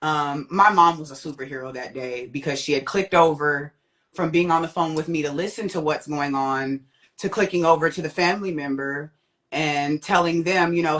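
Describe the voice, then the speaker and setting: A woman's voice: normal speed, a bit bright. A young adult woman telling her personal testimony as a guest, acting out quoted voices. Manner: vivid, acts out quoted voices with big pitch jumps. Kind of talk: personal storytelling.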